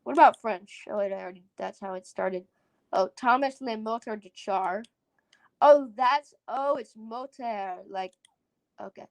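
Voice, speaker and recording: Woman rambling on her podcast, kinda high voice, giggly, sounding out words. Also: unhurried, creaky, no echo. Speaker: podcast host. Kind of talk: casual solo commentary.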